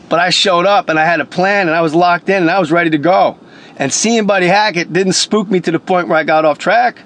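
Brief: male voice actor, punchy and profane storytelling, slightly high voice. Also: a bit bright, slight background noise. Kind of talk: casual motivational storytelling.

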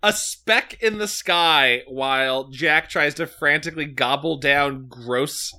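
Bright, animated man joking about a book. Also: a little high, slow pace. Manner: animated and joking, with frequent restarts. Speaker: podcast co-host. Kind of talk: casual book discussion.

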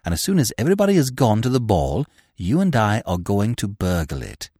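A man reading the lines of a determined young woman, speaking briskly and impatiently in his own voice. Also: lowish voice, big pitch swings, mellow, breathy edge, no echo, clean studio sound.

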